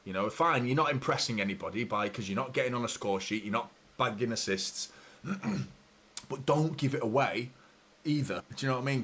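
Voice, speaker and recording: A man hosting a live football watchalong, chatting casually and swearing freely, quickly heated and exasperated by mistakes. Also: lowish voice, a bit bright. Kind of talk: live match commentary and chat.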